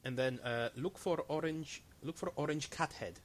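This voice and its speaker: A man voicing a fawning, haggling alien trader who speaks in halting, broken English. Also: fairly high pitch, slight background noise, lightly acted. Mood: eager salesman.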